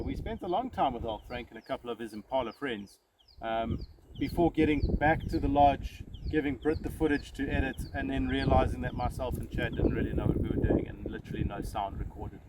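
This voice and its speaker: A man working as a safari ranger, talking casually and chattily as he guides viewers through the bush from a vehicle. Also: medium pitch. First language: English. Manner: relaxed, chatty, self-deprecating with frequent fillers. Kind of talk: casual guided nature talk. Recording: noisy outdoor field recording. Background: steady outdoor noise.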